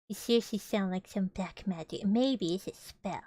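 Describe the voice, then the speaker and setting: A woman's voice: medium pitch, moderate pace, few pauses, mellow, no room sound, clean studio sound. A woman streamer reading a children's book aloud with chatty, playful asides to her viewers. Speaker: vtuber streamer.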